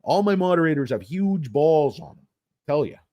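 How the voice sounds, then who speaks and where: A man's voice: on the high side, lively intonation, moderate pace, mellow, dry recording, clean studio sound. A man hosting a casual stock trading livestream, rambling and joking as he talks. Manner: rambling, joking, bouncy delivery.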